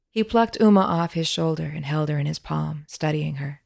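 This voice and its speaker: A woman narrating a fantasy story in a gentle, measured storytelling manner. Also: low voice, creaky.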